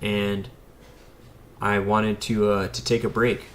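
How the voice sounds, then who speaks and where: A man's voice: fairly low pitch, little pitch movement, slow pace, a little hiss or hum. An American man in his thirties, an electrician, chatting casually on a live stream, rambling and talking straight to his viewers. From United States. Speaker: electrician and YouTuber.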